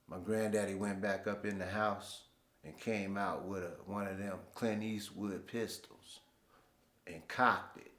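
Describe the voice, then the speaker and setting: Reverberant audio captures a man with a lowish voice hosting his show. He tells stories in a casual monologue, easygoing and slangy.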